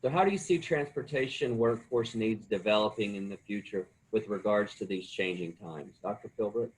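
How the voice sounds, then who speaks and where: A man's voice: on the low side, moderate pace, rough recording. A man moderating a conference panel, asking questions politely with some hesitant fillers.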